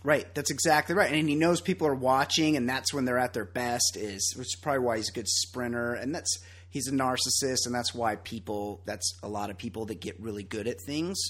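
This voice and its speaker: Blunt husky-voiced man ranting. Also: mid-range voice, a little fast, fairly bright tone. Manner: blunt, profane, opinionated ranting. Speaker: podcast host. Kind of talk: casual chat.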